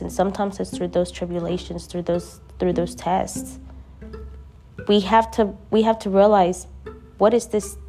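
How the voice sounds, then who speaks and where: A young woman speaks in a relaxed, conversational way, dropping slang as she reflects on faith. Her voice has a warm, mellow tone without brightness. Soft plucked-string music plays faintly underneath. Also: mid-range voice. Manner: slangy, conversational, with frequent "dude" and "bruh". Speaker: vlogger sharing faith reflections. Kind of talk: casual spoken reflection.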